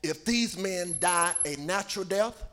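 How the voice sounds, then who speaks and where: A man a sermon, shouting and half-singing his lines and calling on the congregation. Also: high-pitched, unhurried, soft background music. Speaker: preacher.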